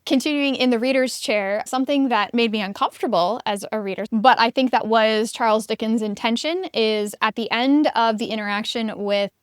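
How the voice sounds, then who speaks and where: Woman, book podcast co-host, casual chat, smooth clear voice, dry close sound. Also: on the high side, normal speed, hardly any pauses, dry recording.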